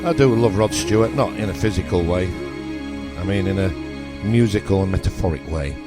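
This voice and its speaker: Loud music plays behind a man with a low voice and a brisk delivery. He's a radio host from northern England with a matching accent, ranting bluntly about politics and repeating himself for emphasis.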